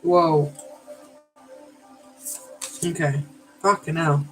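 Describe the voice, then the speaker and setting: A woman's voice: lowish voice, slow, long pauses, rough recording. A woman hosting a live tarot reading, exclaiming, swearing and apologizing, and calling her viewers darlings. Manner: affectionate, calls listeners darlings. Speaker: tarot reader.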